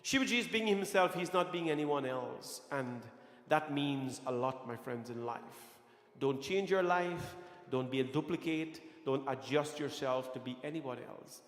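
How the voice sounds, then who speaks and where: A man's voice: medium pitch, a little slow, faint music behind. A man giving a devotional sermon at a temple, emphatic and repeating his lines for effect. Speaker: temple speaker. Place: temple hall. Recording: echoey hall with long reverb.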